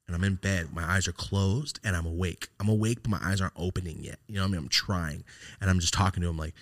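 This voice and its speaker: Profane man, lowish voice. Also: fast talker. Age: late 20s. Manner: rambling, profane, full of "like". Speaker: podcast host. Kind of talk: casual storytelling.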